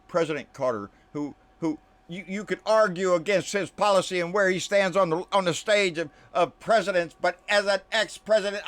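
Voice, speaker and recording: A man delivers a profanity-laced, angry rant to camera as host of a political commentary channel, persistently calling the listener "baby." His tone is a bit bright, and he often sinks into low mutters.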